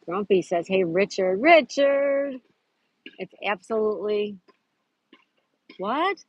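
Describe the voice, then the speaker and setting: A woman's voice: mid-range voice, a little slow, husky, poor audio. A woman hosting a casual live stream outdoors at a park, chatting and greeting viewers by name as she reads their comments. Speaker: livestream host.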